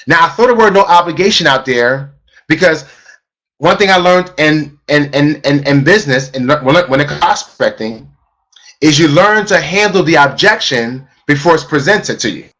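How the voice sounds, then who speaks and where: A man's voice: a little high, animated, normal speed, a bit bright. A man teaching a live online sales webinar as a trainer, talking emphatically and repeating key phrases for stress.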